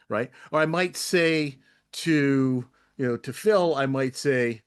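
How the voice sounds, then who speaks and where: A man's voice: mid-range voice, takes it slowly, smooth. A man on an online group discussion, making thoughtful points and using playful examples to illustrate them. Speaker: panel participant.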